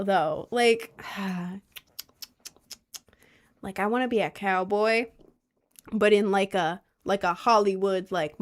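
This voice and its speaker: Slow, rambling young woman vlogger. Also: mid-range voice. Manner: rambling and unsure, full of "like" and restarts. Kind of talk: casual rambling chat.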